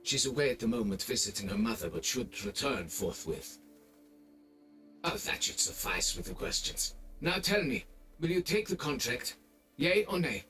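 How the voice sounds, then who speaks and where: A man's voice: mid-range voice, expressive, moderate pace, pushed and bright, soft background music. An actor playing a pompous, condescending nobleman in a video game, fussy and demanding. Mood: dismissive. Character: pompous middle-aged nobleman, haughty and demanding. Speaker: vineyard owner hiring a monster hunter.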